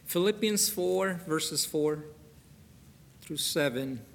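A middle-aged man preaching a sermon as pastor, chatting in a folksy way, then reading scripture slowly and praying fervently. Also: on the high side, vocal fry. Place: church sanctuary. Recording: long reverb of a large church hall.

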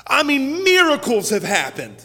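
A high-pitched male pastor preaches with dramatic swings, building loud and high, then falling to a soft, low hush. He voices the people in the story as he goes. His voice rings out with a long reverb, as in a large sanctuary. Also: wildly swooping pitch, unhurried. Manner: dynamic preaching, voice rising to peaks then dropping low and quiet; acts out quoted speech. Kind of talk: sermon.

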